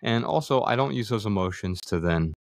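A man's fairly low, expressive voice with vocal fry comes through in studio quality with no room sound as he speaks briskly as a podcast guest. In this reflective conversation he works through ideas using examples, sometimes restarting a word.

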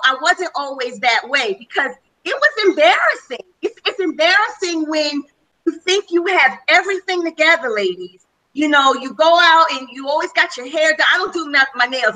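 A woman telling her own story as a panelist on a conference call, speaking emphatically and repeating herself for stress. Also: high voice. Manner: emphatic, repetitive, animated storytelling. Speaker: panelist sharing testimony. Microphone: conference call line. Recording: distant from the mic.

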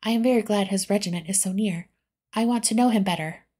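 A woman softly voicing an earnest, remorseful young gentleman in a whispered role-play reading. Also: mid-range voice, fast talker, lightly acted. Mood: eager. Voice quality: soft, breathy.

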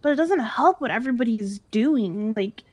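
A young woman speaks in character on a roleplay stream, recounting events in an earnest, emotional way. Her voice sits a little high. The sound is dry and close. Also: animated, moderate pace, a little mellow, slightly rough, dry recording.

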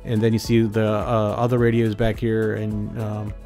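A man with a fairly low voice hosts a ham radio channel, walking around inside a trailer and casually narrating his setup at a moderate pace. He's relaxed, with lots of fillers and restarts, and faint music plays behind him on this phone recording.

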